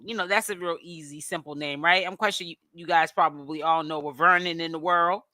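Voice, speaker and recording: A woman's voice: lowish voice, bright, forceful tone, dry recording. A woman hosting a live stream, chatting casually and greeting viewers one by one, often stumbling over names. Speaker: livestream host.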